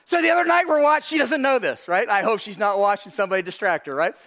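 A middle-aged man with a high voice preaches a sermon. He tells stories in an animated way and talks straight to the congregation in front of him. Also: fast talker, creaky. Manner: animated storytelling, addresses audience directly. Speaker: pastor.

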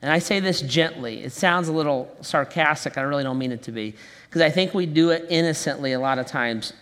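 A fairly high-voiced man preaches a sermon in an easygoing, conversational way, slowing to a crawl on words he wants to land. His voice carries the long reverb of a big church hall. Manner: conversational preaching with quick asides and slow emphatic phrases. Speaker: pastor.

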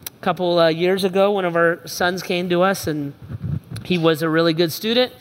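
A middle-aged man preaching a sermon as a pastor, telling family stories and acting out the voices of his kids, swinging from shouting down to soft and low. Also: fairly even intonation, moderate pace, in a large hall, slight background noise.

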